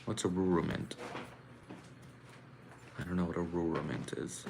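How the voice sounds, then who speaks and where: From his room at home, a live-stream host reacts to a contest, talking with his viewers and exclaiming his annoyance. His voice sits low and creaky with a steady tone at a moderate pace, against a noisy background.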